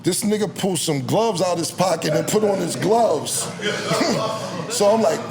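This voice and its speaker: A man's voice: sits high, moderate pace, a crowd in the background. A man talking as a guest, telling a story casually and animatedly, full of swearing and acted-out quotes. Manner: animated, profane, acts out quotes. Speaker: podcast guest.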